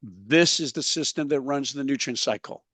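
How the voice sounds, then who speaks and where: A middle-aged man giving an animated conference presentation, emphatic and folksy, slowing down to stress his key points. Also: medium pitch, husky, no room sound. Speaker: soil health speaker. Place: conference session.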